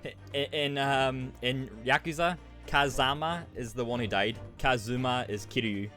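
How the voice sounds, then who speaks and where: An Irish man streaming a game and chatting offhandedly, swearing freely. His voice sits at an ordinary pitch, and faint game music plays in the background. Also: normal speed, pushed and bright. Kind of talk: casual game commentary.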